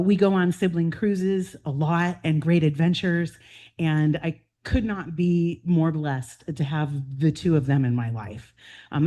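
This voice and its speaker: A woman in her fifties, president-elect of a club, talking casually and warmly through family photos at a meeting, with frequent "um"s. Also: low voice. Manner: chatty and heartfelt, with fillers and laughs. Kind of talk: personal slideshow talk to a club meeting. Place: meeting room.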